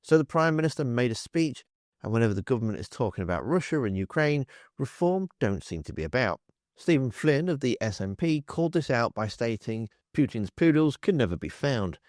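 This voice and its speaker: A man's voice: medium pitch, sing-song, brisk, a little mellow, no room sound, clean studio sound. A man hosting a political commentary channel, telling the story in a wry, sarcastic way.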